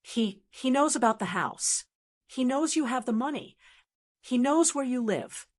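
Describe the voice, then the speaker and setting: A woman's voice: high-pitched, expressive. Woman voicing a stammering, ashamed grown son. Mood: ashamed, pleading. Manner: halting, stammering confession. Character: ashamed adult son confessing gambling debt.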